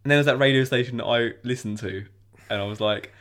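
A man's voice: mid-range voice, quick pace, hardly any pauses, a bit bright. A man, a podcast guest, reminiscing in hesitant casual chat. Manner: hesitant, reminiscing, laughs easily.

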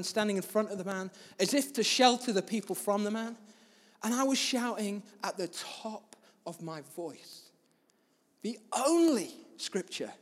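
A man preaching as a pastor, telling a story in a sermon with big swings between loud and soft. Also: sits high, big-room sound.

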